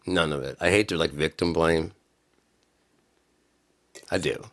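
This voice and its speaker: A man chatting on a live stream about music practice, rambling and sarcastic, sometimes breaking into mock-angry yelling. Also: very deep voice, measured pace.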